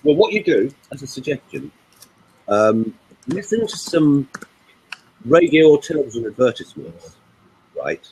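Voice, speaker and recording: An older man, a voice coach, chatting in a casual webinar and telling animated stories. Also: medium pitch, measured pace, pauses often, breathy edge, poor audio.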